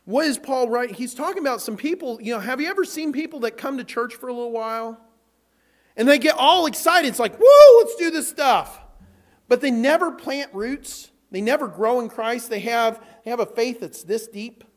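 A man preaching a sermon in a church as the pastor, animated, acting out quotes and repeating words as he goes. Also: very high-pitched, a little fast.

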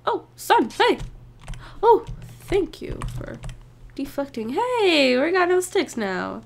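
A young woman hosting a gaming channel, giving excitable let's-play commentary, groaning and shrieking as her rider crashes. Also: very high voice, slow, gravelly, slight background noise.

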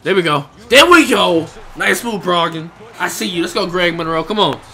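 A young man giving live commentary over his own basketball video game, reacting loudly to each play and talking to the players and his viewers. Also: high voice, expressive, moderate pace, noisy background. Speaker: gaming YouTuber.

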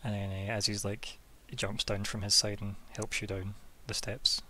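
Soft-spoken man running a game. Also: on the low side, flat delivery, normal speed. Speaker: game master. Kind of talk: narrating a tabletop game.

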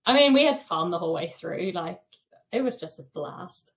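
A woman's voice: on the low side, expressive, normal speed. Young woman, podcast guest, chatty storyteller who laughs a lot. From Ireland. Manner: chatty, laughs often, many fillers. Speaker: podcast guest, thru-hiker. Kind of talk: casual storytelling interview.

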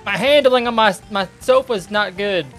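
A young man from the United States hosting his gaming channel, giving jokey let's-play commentary and bursting into yelps and shouts. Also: high-pitched, normal speed, soft background music.

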